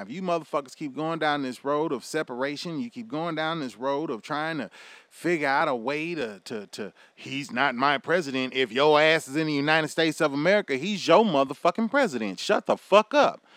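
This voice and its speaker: A man's voice: on the high side, brisk, a bit bright, no echo. A man in his thirties delivering a heated, profane, preachy rant straight to his audience. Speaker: vlogger.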